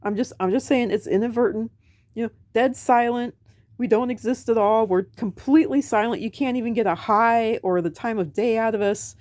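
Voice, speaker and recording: A woman's voice: a little high, normal speed, a little mellow, no room sound. An American woman vlogging in a casual late-night monologue to camera, rambling, self-mocking and profane. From United States. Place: home at night.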